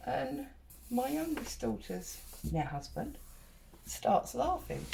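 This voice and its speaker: Chatty middle-aged woman, gravelly. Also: on the high side, very animated, moderate pace, mellow, slight background noise. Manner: chatty, rambling, wanders off and back to her story. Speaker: craft vlogger. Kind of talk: casual storytelling while crafting.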